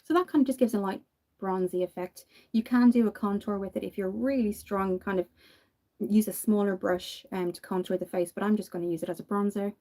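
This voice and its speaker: A makeup vlogger from Ireland, a woman in her thirties, talks through her makeup in a casual, story-filled way with lots of laughter. Her medium-pitched voice is steady and mellow, moving a little fast.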